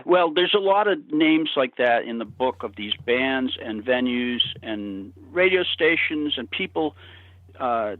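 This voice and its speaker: A man who is a rock singer and author, telling stories in a relaxed, rambling way during a remote interview. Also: medium pitch, dry recording. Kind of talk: remote interview over a call. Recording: thin phone-like line.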